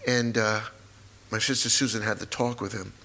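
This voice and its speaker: A man's voice: lowish voice, fairly even intonation, bright, forceful tone. Emotional man in his sixties telling a story. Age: 60s. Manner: halting, repetitive, openly emotional. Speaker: guest, memoir author. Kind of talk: emotional personal storytelling on stage. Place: live talk event in a hall.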